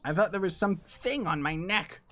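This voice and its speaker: A man's voice: high-pitched, animated, moderate pace, a bit bright, slight background noise. A man chatting casually to his viewers while he plays a game live, loose and rambling, with a lot of slang. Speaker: streamer. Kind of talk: casual live-stream chat while gaming.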